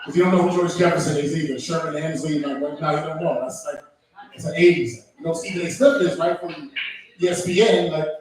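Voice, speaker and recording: A man hosts an open mic and does loose stand-up full of cursing on a small comedy club stage. His voice is on the high side with a darkish tone, he talks quickly, and the recording is very echoey, with him far from the mic.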